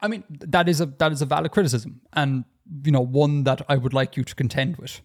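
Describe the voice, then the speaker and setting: Chatty man with halting restarts. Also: a little high, fairly even intonation. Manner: chatty, hesitant with many restarts and fillers. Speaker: podcast co-host. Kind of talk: casual podcast discussion.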